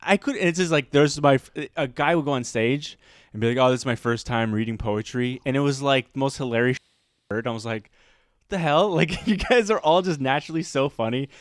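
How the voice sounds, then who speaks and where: A man's voice: on the high side, expressive, a little fast, dry recording, clean studio sound. A man co-hosting a podcast, a comedian telling rambling stories full of fillers and laughter in casual chat.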